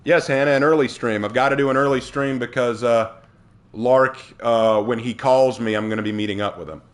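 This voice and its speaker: A man from the Southern United States is streaming a game live, chatting casually with viewers and answering their messages. His voice is medium-pitched, steady in tone and fairly quick, and he often repeats and restarts his words.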